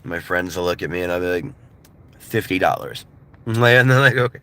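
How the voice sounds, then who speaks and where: A man's voice: low-pitched, fast talker, sharp tone, clear, resonant tone. An American man in his thirties chatting casually on a live stream, rambling with lots of fillers and laughing as he mimics other voices. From United States. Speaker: livestreamer. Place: in a car.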